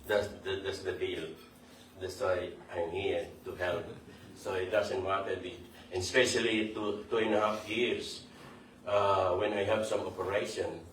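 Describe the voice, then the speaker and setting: A man's voice: low voice, flat delivery, unhurried, fairly bright tone. A man giving a homage in a temple hall, speaking in loose, rambling sentences with many fillers and non-native grammar. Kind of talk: informal spoken tribute. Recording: echoey hall, voice from far off, faint background noise.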